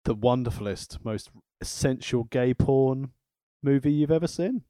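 A man's voice: medium pitch, measured pace, mellow, smooth, dry recording, studio quality. A man co-hosting a casual chat, cracking jokes, giggling, and reading from prepared notes. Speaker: podcast co-host.

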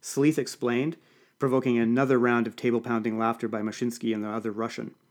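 A man reading a novel aloud in a dry, even first-person narration. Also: medium pitch, a little fast. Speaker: audiobook reader. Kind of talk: scripted narration.

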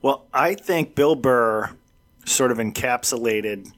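A man talking politics on a casual talk show. He retells jokes and puts on the voices of the people he quotes, laughing now and then. His voice sits at a middle pitch. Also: takes it slowly, fairly bright tone. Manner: retells comedy bits, acts out quotes with laughs.

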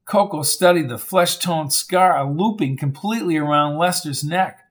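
A man reading a novel aloud in scripted narration, steady and measured. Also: fairly high pitch. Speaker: audiobook narrator.

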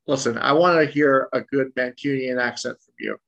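Man, mid-pitched, gravelly podcast co-host, short casual remarks. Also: steady tone, moderate pace, fairly bright tone, highs cut off. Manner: brief, reading out listener questions. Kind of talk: casual sports chat.

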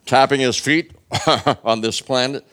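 A man's voice: mid-range voice, measured pace, a bit bright. A man preaching a sermon, retelling a story in a casual, humorous way with many fillers.

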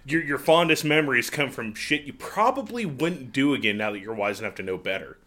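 A man in casual chat, joking and rambling, loud when retelling. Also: medium pitch, lively intonation, brisk.

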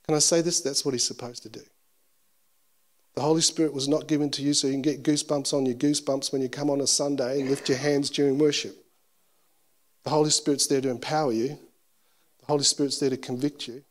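A male pastor preaching a sermon at a church service, telling a personal story in an animated, self-deprecating way. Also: mid-range voice, quick pace.

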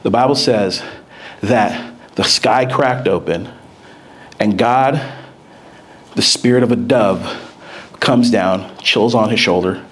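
A man preaching a sermon, moving between steady scripture reading and lively, excited retelling. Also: fairly low pitch, slow pace, pauses often, slightly rough. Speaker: pastor.

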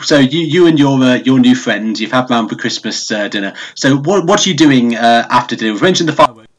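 A man's voice: mid-range voice, animated, fairly quick, a bit bright. A man hosting a casual chat, asking questions with many hesitations and fillers.

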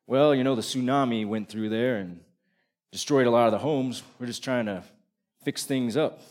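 An easygoing Texan traveler, relaxed and modest, as a male storyteller puts him on. The voice sits at an ordinary mid pitch with a casual, unhurried feel. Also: lightly acted. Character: laid-back Texan man tourist.

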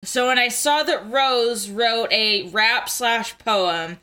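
With a bright, forceful, clear and resonant voice on the high side, a young woman speaks slowly as a podcast co-host. In casual chat, she eagerly breaks down poetic meter, full of "like" and restarts.

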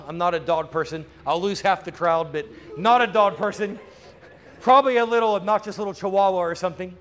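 Fervent high-voiced preacher. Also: male voice. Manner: fervent, building to loud declarations. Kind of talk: charismatic sermon. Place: church sanctuary.

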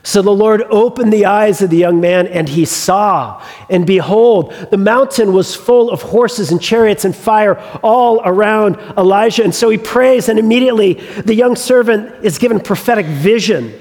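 A man's voice: sits high, normal speed, a little mellow, long reverb tail. A male pastor preaching a sermon, retelling a story with humorous asides.

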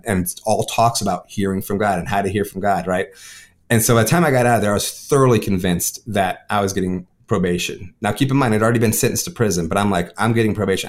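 A man tells his story at a brisk clip, often tagging his sentences with "right?". His voice sits a little low, and he rushes through a personal testimony in conversation. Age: adult with a son. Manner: fast storytelling, frequent "right?" tags. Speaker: guest.

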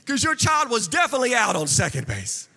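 A man preaching a fervent sermon in a very high, bright, ringing voice. His words rise into chanted, shouted crescendos and then fall back, unhurried. The sound carries a long reverb, as from a large church sanctuary. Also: wildly swooping pitch, gravelly. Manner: impassioned preaching with sing-song cadence and shouted peaks. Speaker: pastor.

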